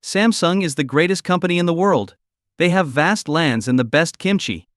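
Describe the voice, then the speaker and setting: A man's voice: on the high side, animated, moderate pace, a bit bright, no room sound, studio quality. Man playing a burly bearded man, brusque, matter-of-fact, recap story. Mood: blunt.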